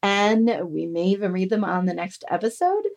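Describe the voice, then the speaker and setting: A woman's voice: mid-range voice, normal speed, creaky, darkish tone. A woman co-hosting a casual podcast, talking in an enthusiastic, rambling way. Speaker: podcast co-host.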